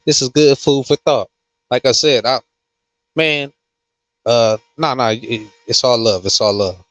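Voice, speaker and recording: A man who hosts a casual livestream and reads comments, talking slowly with many fillers and restarts. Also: medium pitch, dry recording. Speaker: host.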